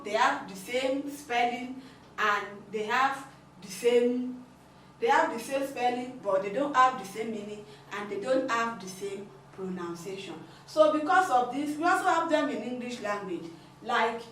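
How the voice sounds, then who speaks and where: A woman's voice: a little high, a bit bright, slight background noise. A woman giving a language lesson, explaining patiently and repeating her points. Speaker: language teacher. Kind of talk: classroom lesson. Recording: echoey room, mic at a distance.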